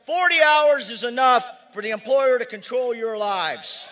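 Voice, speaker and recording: A man from Erie, Pennsylvania, a union speaker giving a rousing rally speech outdoors, shouting his slogans. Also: very high voice, lively intonation, unhurried, heavy background noise.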